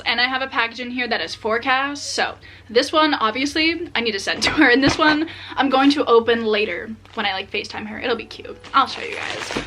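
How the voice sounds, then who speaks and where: A young woman chats excitedly through a casual book-unboxing vlog, leaning on filler words as she talks. Her voice is bright and sits a little high. A faint hiss of noise sits under the recording. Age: young adult. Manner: excitable and chatty, many "like" fillers. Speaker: book vlogger.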